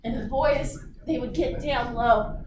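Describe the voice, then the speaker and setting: A middle-aged woman teaching physiology to a class, telling animated stories and acting them out. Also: fairly high pitch, a little slow. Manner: animated, acts out her stories. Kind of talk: classroom lecture with storytelling. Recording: echoey room, audible room noise.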